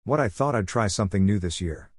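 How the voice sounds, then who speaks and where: A man's voice: on the low side, expressive, fast, no room sound. A man voicing an eager, boastful young ninja student in a read-aloud story.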